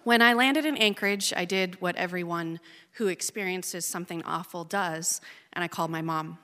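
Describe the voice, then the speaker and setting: A woman in her thirties from Oregon, telling a personal story in a slow, measured, emotional way as a speech. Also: fairly low pitch, sharp tone. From Oregon, USA. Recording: long hall reverb.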